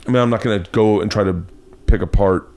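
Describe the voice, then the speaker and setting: Animated storytelling man, lowish voice. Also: fast talker. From Florida. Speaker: podcast host. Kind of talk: casual chat. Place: home studio.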